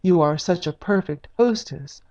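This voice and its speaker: A woman voicing a cold, drawling aristocratic gentleman with stiff, formal politeness. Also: fairly low pitch, unhurried, lo-fi sound, natural voice. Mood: coolly polite.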